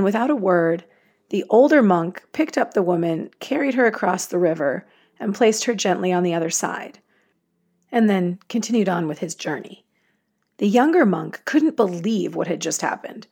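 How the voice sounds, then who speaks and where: An earnest woman hosts a meditation session, chatting casually with a listener. Her voice has a gravelly, husky grain. She drops in self-aware asides along the way. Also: mid-range voice, darkish tone. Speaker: meditation teacher and host. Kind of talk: casual spoken intro to a guided meditation.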